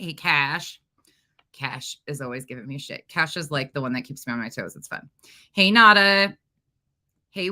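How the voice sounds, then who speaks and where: A woman hosting a livestream, greeting each viewer by name as she chats. Her voice is bright and forward, and her pitch sits in the middle. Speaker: livestream host. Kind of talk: casual livestream chat.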